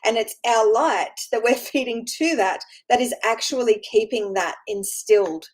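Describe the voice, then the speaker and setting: A woman's voice: fairly high pitch, normal speed, low-quality recording. A woman giving an informal spiritual talk as a teacher, earnest and encouraging, rambling and repeating words as she keeps checking in with her listeners.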